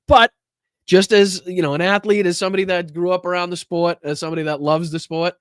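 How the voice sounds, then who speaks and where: A man's voice: high voice, fairly even intonation, quick pace, clear, resonant tone, dry recording, studio quality. A man with a Boston accent hosting a political podcast, reacting to a video with sarcastic, laughing, profane commentary.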